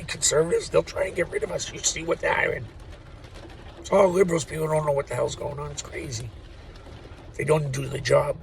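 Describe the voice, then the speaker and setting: This postal worker vlogger talks to the camera in a rambling, opinionated monologue, cursing freely and laughing at his own jokes. His voice sits on the high side with vocal fry, and the rough recording carries a faint hiss or hum.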